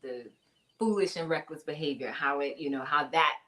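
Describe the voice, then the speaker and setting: A woman's voice: sits low, normal speed, bright, forceful tone. A woman hosting a casual ministry talk show, chatting and reading out viewer comments. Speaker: host.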